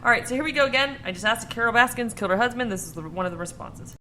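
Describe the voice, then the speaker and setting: A young woman chats on a podcast in a bright, lively tone, swearing and laughing at her own stories. She rambles in a casual way. A faint hiss of room noise sits under her voice. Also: on the high side, very fast. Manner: laughing, profane, self-deprecating rambling. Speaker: podcast co-host.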